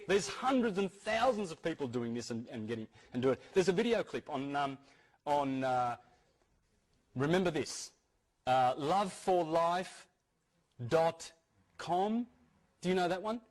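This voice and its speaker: A man's voice: fairly high pitch, lively intonation, a little slow, pauses often. A man giving a talk to an audience, earnest, repeating key phrases and restarting his sentences often. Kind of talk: lecture-style talk to an audience.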